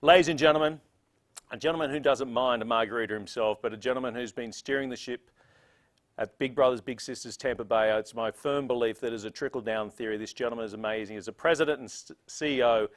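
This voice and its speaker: A man's voice: medium pitch, fast talker. An Australian man emceeing a gala with playful, jokey showman banter.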